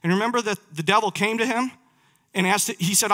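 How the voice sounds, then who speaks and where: A man's voice: high voice, fairly quick, pushed and bright. A man preaching a sermon, reading scripture aloud and putting questions to his listeners. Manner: reads verses aloud, asks the listeners questions.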